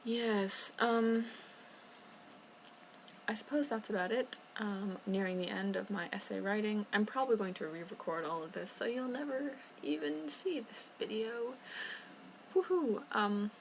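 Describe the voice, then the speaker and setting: A young woman rambles through an unscripted home vlog, keeping her voice low and sometimes close to a whisper. Her tone carries a gravelly edge, and a faint hiss sits under the recording. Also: normal speed, rough recording. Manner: rambling, chatty, filler-heavy with soft laughs; talking quietly, at times near a whisper. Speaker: vlogger. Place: home, indoors.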